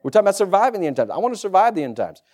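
A male pastor preaching a sermon, reading scripture aloud and rising into loud, fervent preaching. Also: high-pitched, very animated, very fast.

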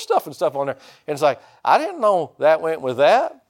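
A middle-aged pastor preaches a sermon at normal speed, folksy and rambling, with many restarts and sudden high, loud bursts of excitement.

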